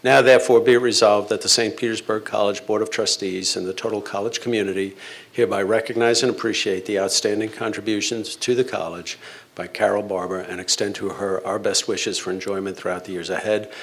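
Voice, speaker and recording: A man reading out a formal board resolution in a measured, ceremonial way at a board meeting. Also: fairly low pitch, fairly even intonation. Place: board meeting room with audience.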